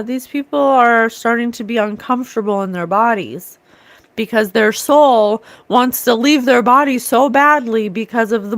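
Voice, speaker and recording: A woman hosting a psychic talk show, ranting with scorn in a loose, animated way and often mocking others in sing-song voices. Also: on the high side, no echo. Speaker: psychic livestream host. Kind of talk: casual spiritual rant.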